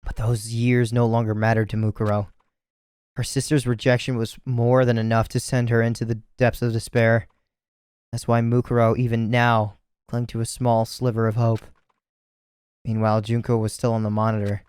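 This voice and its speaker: A man's voice: mid-range voice, little pitch movement, normal speed, a little mellow, clear, resonant tone, no echo. A tired man reading a video game's story aloud, stumbling over words and correcting himself with casual asides. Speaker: let's play narrator.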